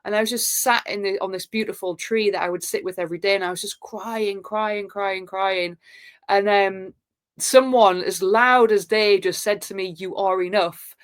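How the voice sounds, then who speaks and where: A woman, a podcast guest, telling personal stories in an earnest, spiritual way with halting restarts and fillers. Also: medium pitch, fairly even intonation. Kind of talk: reflective personal storytelling.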